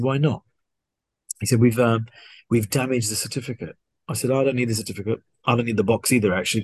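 A man, a podcast guest, casually telling a story and acting out the dialogue in an animated way. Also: medium pitch, breathy edge, no echo. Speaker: guest watch collector.

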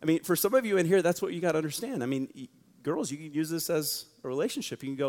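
A man preaching to a young church audience in a joking, energetic storytelling way. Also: on the high side, quick pace. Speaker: youth pastor. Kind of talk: sermon. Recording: long reverb of a large hall.

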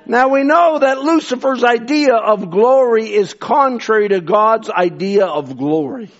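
A man preaching an impassioned sermon, swinging from fervent shouts to hushed asides and repeating phrases for emphasis. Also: extremely high pitch, expressive, a little slow. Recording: dull lo-fi sound.

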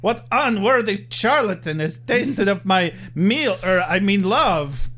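A man's voice: high-pitched, animated, slow, a bit bright, slight background noise, heavily acted. A man parodying a pompous, hungry male vampire count in a theatrical, mock-grand voice during a podcast recap.

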